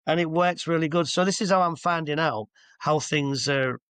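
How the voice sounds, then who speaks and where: A man in his sixties chats his way through long anecdotes as a guest hypnotherapist. His voice sits a little high for a man, and it is recorded dry and close, over a video call from home. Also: moderate pace, a bit bright, clean tone, dry recording. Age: 60s. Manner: chatty, rambling, stops to explain asides. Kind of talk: casual anecdotal storytelling. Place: at home with a dog nearby.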